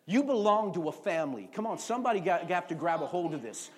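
A man's voice: high-pitched, fast. A middle-aged man preaching a sermon as pastor, calling for responses and often repeating words as he tells stories. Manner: call-and-response, repeats words, animated storytelling.

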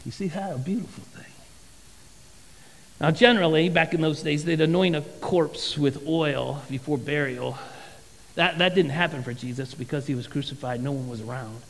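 A male pastor preaching a sermon with animated, dramatic storytelling in a church sanctuary. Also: fairly high pitch, moderate pace, in a large hall, slight background noise, low-quality recording.

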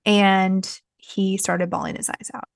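A woman's voice: mid-range voice, little pitch movement, slow, creaky, dry recording, studio quality. A woman, hosting a podcast and telling a personal story in a frank, chatty way with many fillers. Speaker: podcast host. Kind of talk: candid personal podcast talk.

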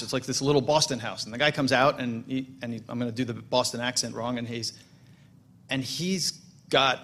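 A man's voice: medium pitch, a bit bright. A middle-aged man, the president of a congregation, giving a casual, storytelling welcome speech with self-deprecating humor.

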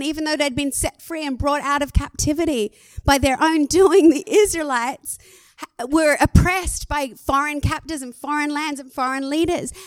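Lively Australian woman pastor preaching. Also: high-pitched, no room sound. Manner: lively, conversational, laughs at herself. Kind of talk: sermon.

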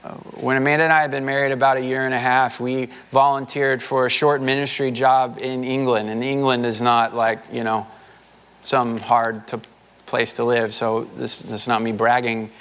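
A man's voice: mid-range voice, flat delivery, moderate pace, fairly bright tone, smooth. A man, a pastor, giving a conversational sermon with a folksy, casual manner and frequent filler words.

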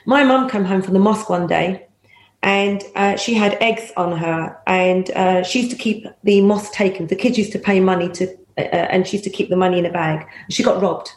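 A woman's voice: medium pitch, normal speed. Middle-aged woman telling anecdotes. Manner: lively, laughs often, acts out quoted voices. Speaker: former police officer, interview guest. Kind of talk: anecdotal storytelling. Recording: roomy echo.

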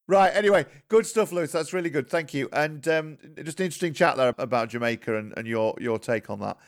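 A man's voice: fairly high pitch, fairly quick. A man with a Yorkshire accent hosting a podcast. He often stumbles over the start of his sentences. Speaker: podcast host. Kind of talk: casual chat and show hosting.

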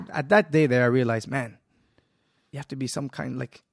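A man telling a story in a casual interview, animated and swearing, acting out quoted lines. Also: mid-range voice, moderate pace, gravelly, no echo, clean studio sound. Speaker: guest, jiu-jitsu school owner.

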